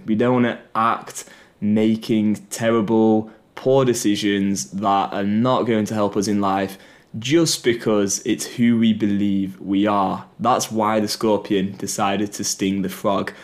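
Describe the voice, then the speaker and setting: Man, podcast host, low voice, earnest, encouraging. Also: a little mellow. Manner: earnest, encouraging, some repeated words. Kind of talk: solo motivational podcast talk.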